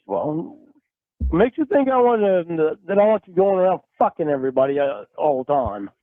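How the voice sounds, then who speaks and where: An angry man rants and swears at someone during a phone call. His voice sits a little high and comes through a narrow, tinny phone line. The sound is close and dry. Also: lively intonation, moderate pace, no room sound. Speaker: caller in a recorded phone call. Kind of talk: heated phone argument.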